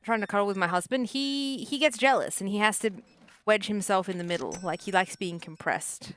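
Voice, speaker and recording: A young woman chats away on a home stream, playful and rambling as she plays a calm game. Her voice sits at an ordinary pitch and comes through close and dry from a desk microphone in a small room. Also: fairly quick, no room sound, rough recording. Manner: chatty, playful, breaks off to coo at her dog; makes sing-song beeping sounds while scanning items. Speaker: streamer and therapist. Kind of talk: casual gameplay chat.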